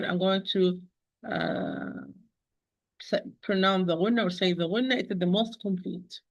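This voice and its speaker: Patient woman teaching recitation sounds. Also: medium pitch. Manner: methodical, repeats and demonstrates sounds syllable by syllable; patient, gently corrective. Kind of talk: tajweed pronunciation lesson.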